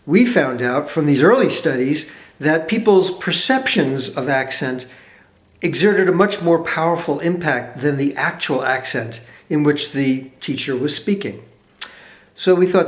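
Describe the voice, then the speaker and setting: A man being interviewed as a researcher, explaining his studies with animated storytelling and quick asides. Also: fairly high pitch, reverberant.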